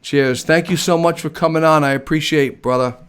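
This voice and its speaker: A man's voice: fairly high pitch, fairly even intonation, a little fast, a bit bright, smooth. An American man hosting a casual live-stream chat, talking in a chatty, enthusiastic way and laughing often. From United States. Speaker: host.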